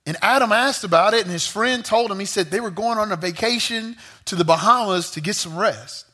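A man preaching a sermon to a young crowd, telling a story with lively, joking asides. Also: high-pitched, a little fast, slightly rough. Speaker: youth pastor.

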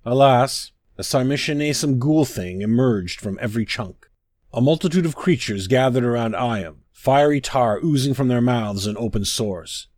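A man's voice: mid-range voice, animated, normal speed, a little mellow, dry recording. A man giving a solemn, declamatory scripted reading of an old sermon. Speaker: narrator.

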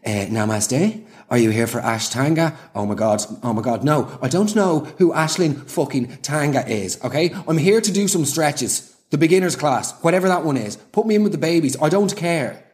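A man's voice: fairly high pitch, big pitch swings, moderate pace, few pauses, darkish tone. A man delivering a sarcastic comic monologue, full of ranting, exasperated asides. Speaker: comedian.

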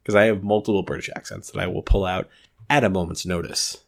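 A man's voice: low-pitched, fairly even intonation, fast. A young adult man co-hosting a podcast in casual chat, joking and teasing with some swearing. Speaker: podcast co-host.

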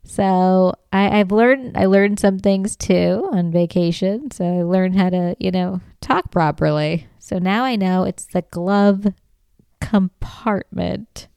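A woman's voice: fairly low pitch, fairly even intonation, unhurried, vocal fry, a little mellow, smooth, no room sound, clean studio sound. A middle-aged woman hosting a comedy podcast, telling a story in a casual way and laughing often as she talks. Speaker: podcast host.

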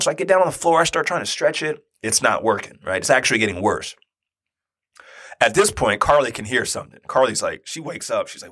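A man in his forties telling a personal story in a conversational, animated way, often checking in with his listeners. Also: fairly high pitch, brisk, slightly rough. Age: 40s. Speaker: speaker and youth basketball coach.

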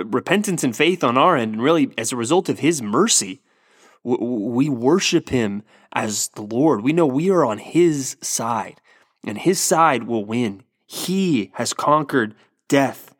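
A man's voice: mid-range voice, no echo, clean studio sound. A man preaching a sermon, earnest and emphatic, often restarting his words as he builds to a point. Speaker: pastor.

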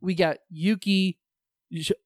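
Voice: mid-range voice, slow, no echo, studio quality. A podcast co-host chatting casually, swearing often and ranting with energy about shows they love and hate. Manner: profane, animated ranting.

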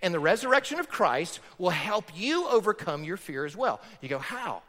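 A man leading a sermon sounds very animated, his voice sitting high and a bit bright at a normal pace. He presses his points emphatically as pastor, firing rhetorical questions at the congregation while a large hall echoes long behind him.

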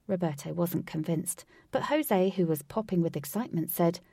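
A woman reading a story aloud in an expressive way, voicing each character. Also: on the low side, moderate pace, hardly any pauses, slightly rough, no room sound, studio quality. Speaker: narrator.

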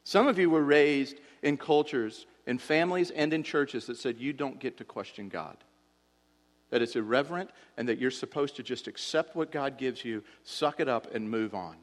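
A man preaching a sermon as a pastor, impassioned, his voice swelling and then dropping low for emphasis. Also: moderate pace. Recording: long hall reverb.

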